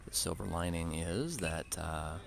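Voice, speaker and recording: A man giving relaxed, chatty play-by-play commentary on a youth baseball game and mixing in side stories. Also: sits low, unhurried, gravelly.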